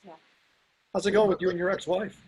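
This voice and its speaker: A man hosting a casual talk show, telling stories in an animated way and laughing often. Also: sits high, fairly quick, husky, poor audio. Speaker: host. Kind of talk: casual chat.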